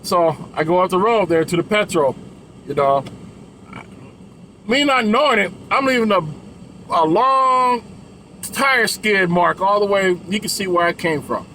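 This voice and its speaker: A man's voice: sits high, animated, moderate pace, bright, forceful tone, a little hiss or hum, rough recording. A man who drives trucks tells a story in a loose, casual way, swearing and laughing between his lines.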